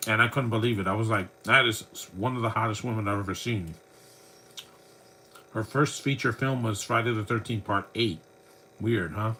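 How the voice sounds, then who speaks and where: A man's voice: lowish voice, a bit bright, slight background noise, low-quality recording. A man around forty, a podcast host, chatting in a rambling way as he watches a movie and comments on it. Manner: rambling, chatty fan talk.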